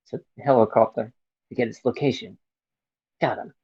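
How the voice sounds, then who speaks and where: A man's voice: mid-range voice, steady tone, normal speed, slightly rough, no echo. A man co-hosting a podcast, reading a comic book aloud and slipping in and out of goofy character voices with offhand swearing. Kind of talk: casual comic read-aloud. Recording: dull lo-fi recording.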